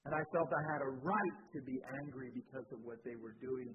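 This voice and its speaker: A man preaching a sermon, telling a personal story in an animated way, with sudden jumps in pitch and loudness. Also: fairly quick. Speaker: pastor. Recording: tinny phone-like sound with faint noise.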